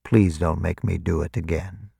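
A man voicing a cold, calculating male vampire commander, measured, clinical and quietly menacing, in a storybook reading. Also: deep voice, fairly even intonation, vocal fry, husky, no room sound, clean studio sound, full character voice.

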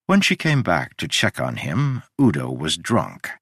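Low-voiced man narrating an audiobook. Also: huge pitch swings, a little slow, fairly bright tone, breathy edge, no room sound, studio quality.

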